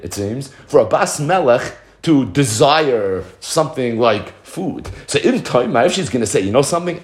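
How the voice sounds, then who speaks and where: Lively man teaching a Talmud lesson. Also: on the high side. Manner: explains Hebrew and Aramaic phrases, then translates them into English; asks rhetorical questions. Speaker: Torah teacher.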